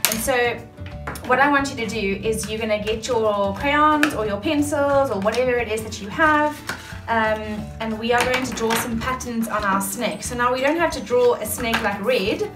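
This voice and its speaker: A woman teacher walks children through a paper craft, chatty and instructive, with a slightly high voice. She sounds distant in a roomy space, with music clearly heard underneath. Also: moderate pace. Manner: chatty, instructive, many fillers.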